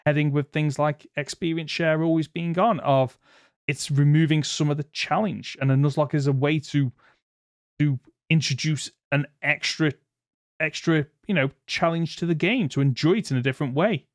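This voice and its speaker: A podcast host makes a casual argument full of restarts and fillers, rambling and laughing easily. His voice is on the high side, steady in tone, at a moderate pace, recorded in a clean studio with no echo.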